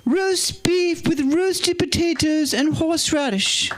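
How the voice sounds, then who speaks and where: A man doing a shrill posh old queen. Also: crowd noise. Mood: haughty. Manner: shrill, drawn-out, mock-posh. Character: prim elderly queen, haughty and regal. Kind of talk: impression in a live stand-up set.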